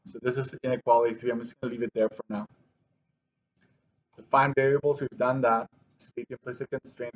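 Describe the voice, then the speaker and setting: A man's voice: medium pitch, fairly bright tone, dull audio, slight background noise. A man teaching a math lesson, explaining his work step by step to his students and correcting himself as he writes. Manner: talks to students while writing, with self-corrections. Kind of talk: classroom lesson walkthrough.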